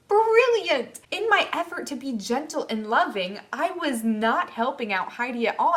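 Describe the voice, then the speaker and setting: Earnest young mother, slightly high voice. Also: a bit bright. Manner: earnest, reflective, acts out her own past reactions. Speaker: mother vlogging about parenting. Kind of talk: casual personal talk to camera.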